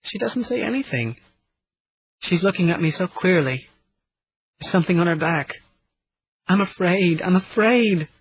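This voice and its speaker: A man's voice: high voice, sing-song, normal speed, few pauses, slight background noise, voice pushed up, low-quality recording. A man doing a frightened woman sounding like a little girl. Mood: terrified childlike. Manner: piteous, wailing, childlike.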